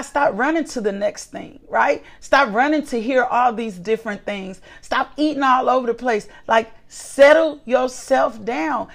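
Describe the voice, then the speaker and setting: Woman preacher, sermon delivery, gravelly fry, slightly high pitch, emphatic repetition. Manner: emphatic, repeats key phrases, asks "right?" often.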